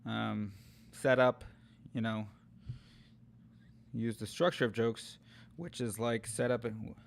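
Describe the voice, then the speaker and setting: A man's voice: mid-range voice, fairly even intonation, takes it slowly, vocal fry, slight background noise. A man streaming as he tests AI story tools, chatting casually and thinking aloud with many fillers and restarts. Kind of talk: casual chat.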